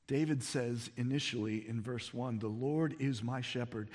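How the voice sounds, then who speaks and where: A man preaching a sermon as pastor, emphatic, building to near-shouts on key points. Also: medium pitch, moderate pace, few pauses. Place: church sanctuary. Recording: long reverb of a large hall.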